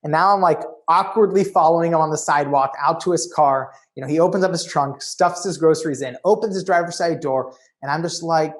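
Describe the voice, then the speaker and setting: A man speaking as a conference keynote speaker, telling a story in an animated way and often saying "you know.". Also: fairly high pitch, fairly quick, hardly any pauses. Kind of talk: storytelling talk.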